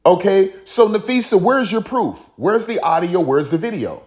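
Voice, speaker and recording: A man's voice: sits high, sing-song, moderate pace, few pauses. Heated man ranting about sports. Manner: heated, repetitive, emphatic, acts out others in quotes. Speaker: commentary channel host. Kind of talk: opinionated sports commentary monologue.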